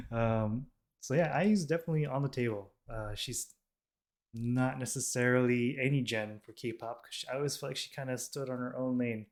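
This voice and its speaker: A man's voice: mid-range voice, a little mellow. A man from the United States, hosting a reaction channel, talking casually to camera with many ums and restarts. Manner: rambling, with many ums and self-corrections. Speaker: K-pop reaction channel host.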